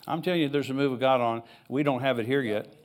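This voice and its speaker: A man's voice: medium pitch, quick pace. Older male pastor preaching conversationally. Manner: conversational preaching, reads scripture aloud, rambles with asides. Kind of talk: sermon. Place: church.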